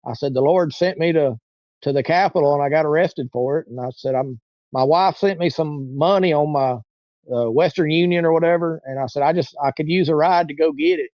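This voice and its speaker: A man's voice: a little high, fairly quick, no room sound, highs cut off. A man telling a long personal story in casual interview talk, rambling and repeating himself, acting out the voices of people he quotes. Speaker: interview guest.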